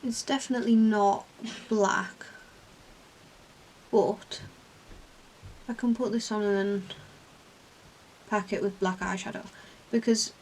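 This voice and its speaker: A woman's voice: medium pitch, steady tone, takes it slowly, pauses often, darkish tone, a little hiss or hum. A young English woman vlogging at home, chatting casually and self-deprecatingly while doing her makeup. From England. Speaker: beauty vlogger.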